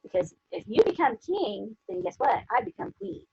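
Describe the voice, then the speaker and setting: A woman's voice: sits high, sing-song, normal speed, creaky, husky, faint music behind, pitched above the performer's own voice, full character voice. A woman voicing a scheming, ambitious noblewoman in a casual, modern way of talking, on a dull lo-fi recording. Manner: casual modern-speech retelling of quotes.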